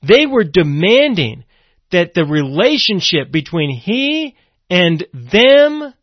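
A man's voice: high-pitched, no room sound. A man preaching an expository sermon, reading scripture aloud and explaining it, sometimes voicing the people in the story with dramatic emphasis. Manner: dramatic, voices the grieving sisters' accusations. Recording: dull lo-fi, dry.

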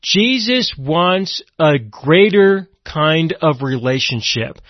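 A man whose voice sits on the high side preaches an expository sermon at a slow pace with lively intonation. He reads and explains scripture, dramatically voicing the story's people, such as the grieving sisters with their accusations. The recording is dull lo-fi, dry, with no echo.

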